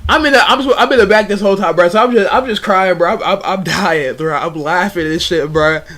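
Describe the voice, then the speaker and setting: A young man streamer telling a story in a casual, animated way, full of slang and restarts. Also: high voice, a little fast.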